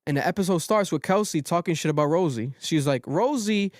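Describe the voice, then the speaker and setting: A man hosting a podcast, recapping a reality show in animated casual chat and swearing freely. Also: on the high side, quick pace. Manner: animated storytelling, swears freely, quotes people in raised voices. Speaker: podcast host.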